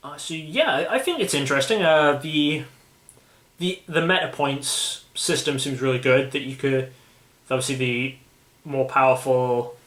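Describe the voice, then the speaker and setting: A man's voice: medium pitch, moderate pace, a bit bright. Rambling British man in an echoey room. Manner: rambling, restarts often. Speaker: channel host. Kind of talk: casual chat about a card game.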